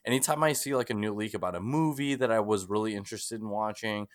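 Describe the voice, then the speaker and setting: Casual male podcast host, a bit low-pitched, recorded dry and close; easygoing, laughs a lot. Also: fast, no echo. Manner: laughs often, leads topics. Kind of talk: casual chat.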